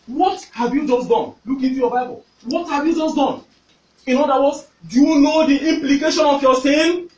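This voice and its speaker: A man with a Nigerian accent preaching a fervent sermon, shouting at the peaks and repeating his phrases. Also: very high-pitched, normal speed. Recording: echoey, distant hall recording.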